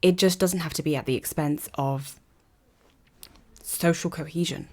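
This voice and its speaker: A young woman with a slightly low voice talks straight to camera in a personal commentary video. Her delivery is earnest and conversational. She often throws rhetorical questions at her viewers. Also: unhurried, a little mellow. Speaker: vlogger. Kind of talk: opinion commentary monologue.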